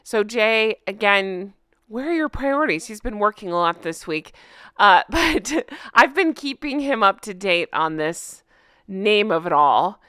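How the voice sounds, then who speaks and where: A woman hosting a casual commentary chat, chatty and animated, often laughing. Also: medium pitch, a little slow, clear, resonant tone, no echo, studio quality. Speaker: host.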